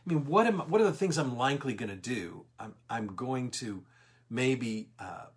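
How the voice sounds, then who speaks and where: A man's voice: mid-range voice, expressive, normal speed. A man giving an online Bible study lesson, explaining scripture in a conversational way and thinking aloud with frequent restarts. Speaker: Bible teacher.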